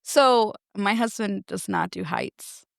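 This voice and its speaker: A woman co-hosting a podcast, telling a story in a lively way and laughing often. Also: mid-range voice, takes it slowly, vocal fry, no echo, studio quality. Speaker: podcast co-host. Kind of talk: casual chat.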